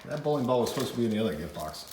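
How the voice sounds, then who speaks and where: A man's voice: mid-range voice, very animated, very fast, distant mic, heavy background noise. A middle-aged man hosting a family video, upbeat, teasing and playful in casual chat at home. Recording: roomy sound, loud music behind.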